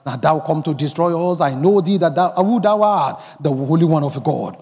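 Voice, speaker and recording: A man preaching a sermon as pastor, emphatic, rising to shouts and bursts of song. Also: a little high, normal speed, long reverb tail. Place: church.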